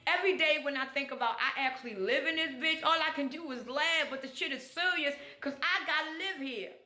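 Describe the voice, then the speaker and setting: A high-voiced woman rants to camera in a bright, sharp tone. She is blunt, exasperated and freely profane. Her voice rings around an echoey room. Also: a little fast, soft background music. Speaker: vlogger. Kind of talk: ranting monologue.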